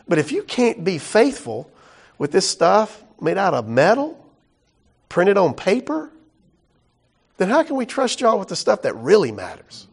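Guy preaching a sermon, high-pitched voice, folksy and animated, lots of asides. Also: a little slow, slightly rough. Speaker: pastor. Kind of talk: conversational sermon.

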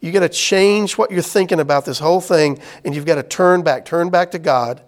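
A man teaching a Bible class, chatting casually and reading scripture aloud slowly. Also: on the high side. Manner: conversational, explains with "right?" and "y'all", reads scripture aloud slowly.

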